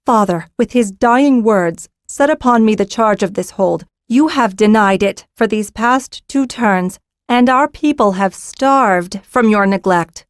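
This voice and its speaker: A woman's voice: mid-range voice, unhurried, few pauses, no echo, studio quality, voice pushed up, natural voice. A woman reading an audiobook, voicing a commanding young noblewoman who speaks sternly and with authority. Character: commanding young noblewoman taking charge of a hold.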